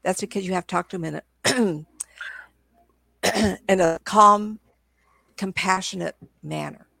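A woman's voice: medium pitch, unhurried, gravelly, sharp tone, no echo, clean studio sound. An older woman speaking with a sore throat, telling stories in a rambling casual chat, with many restarts. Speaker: psychic medium guest. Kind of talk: casual conversational storytelling.

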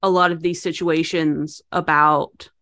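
A woman's voice: low voice, level tone, measured pace, a bit bright. A woman co-hosting a casual podcast, chatting bluntly about a TV episode. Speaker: podcast co-host. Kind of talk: casual TV recap chat.

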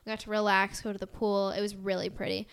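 Her mid-range voice is gravelly yet clean in tone, with little pitch movement, and she talks fast. She's a young American woman co-hosting a podcast, rambling casually with lots of fillers and giggling.

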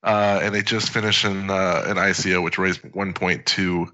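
A man's voice: low voice, level tone, normal speed, pushed and bright, dull audio. A man hosting a podcast, laid back and joking, reading ads casually. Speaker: podcast host.

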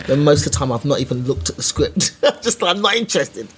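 A woman's voice: a bass voice, lively intonation, fast, few pauses, slight background noise. A woman stand-up comedian in casual chat, talking bluntly with plenty of swearing. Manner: blunt, sweary, self-deprecating.

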